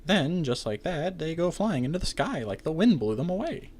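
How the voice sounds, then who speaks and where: A man's voice: a little high, moderate pace. Man reading game text with jokes. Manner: dry joking asides, relaxed reading. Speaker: let's play host. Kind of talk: reading game text aloud with casual commentary.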